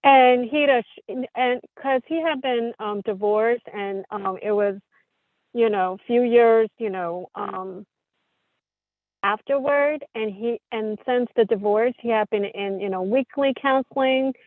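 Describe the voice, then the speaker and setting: A woman calls in to a live advice show, her voice slightly high and hesitant, full of pauses and restarts. She comes through a tinny, dry phone line. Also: no echo. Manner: hesitant, many fillers and restarts. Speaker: caller. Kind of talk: call-in conversation.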